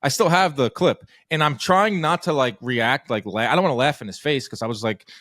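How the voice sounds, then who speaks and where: A man hosting a boxing podcast who tells stories quickly and acts out the quotes in them. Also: medium pitch, fairly bright tone, no echo, studio quality. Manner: fast, storytelling, acts out quotes. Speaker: podcast host. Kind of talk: casual podcast chat.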